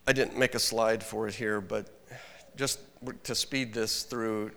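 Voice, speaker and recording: A man's voice: lowish voice, steady tone, a little slow, vocal fry, a bit bright, big-room sound. A man preaching a sermon as pastor, earnest and conversational, with sudden emphatic rises.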